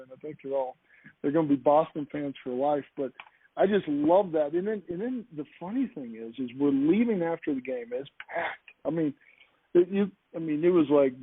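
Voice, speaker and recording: A man with a somewhat high, husky voice tells a story with eager energy, stopping and restarting his sentences. He is heard over a thin, phone-like call line with a dry sound. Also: no echo. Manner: enthusiastic, with frequent restarts. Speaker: podcast speaker. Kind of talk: animated anecdotal storytelling. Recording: tinny phone-like call audio.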